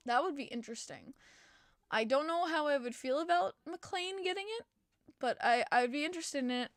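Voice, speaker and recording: This young woman's voice is high-pitched and moderately paced, recorded dry with clean studio sound. She hosts a casual hockey podcast stream, a chatty, opinionated fan reading and answering chat comments while sounding tired and yawning.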